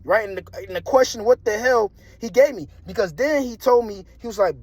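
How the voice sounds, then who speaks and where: A young man telling a story in a casual monologue, animated and slangy, repeating himself and laughing often. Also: sits high, fairly quick, few pauses, breathy edge, no room sound. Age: young adult. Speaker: vlogger.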